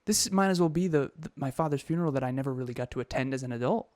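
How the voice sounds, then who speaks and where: A man's voice: fairly high pitch, lively intonation, very fast, few pauses, a little mellow, no room sound, clean studio sound. Candid man telling a personal story. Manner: emotional, confessional, with frequent restarts. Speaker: podcast co-host.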